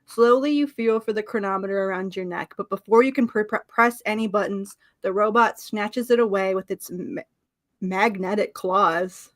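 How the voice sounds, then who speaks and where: A woman's voice: medium pitch, moderate pace. A woman in casual chat who reads aloud from a book and playfully mimics voices.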